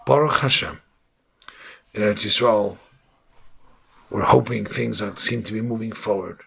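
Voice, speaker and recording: A man's voice: lowish voice, a little slow, creaky, fairly bright tone, slightly rough. A man delivering an inspirational sermon, telling an emotional story and sprinkling in Hebrew and Yiddish terms.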